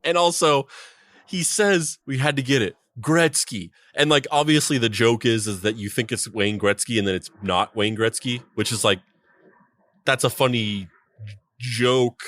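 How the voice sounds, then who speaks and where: Male podcast co-host, mid-pitched, rambling and excitable, dry close-mic sound. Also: no echo. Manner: excitable, laughing, rambling with restarts. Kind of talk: casual chat.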